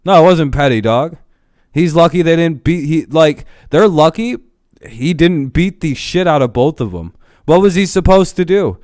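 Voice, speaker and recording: Young dude streamer going off to chat, lots of swearing and laughing, clean smooth voice. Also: male voice, on the high side, animated, moderate pace, darkish tone, dry recording, clean studio sound. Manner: profane, heated, laughs often, talks to chat. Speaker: live streamer. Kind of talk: casual live-stream rant.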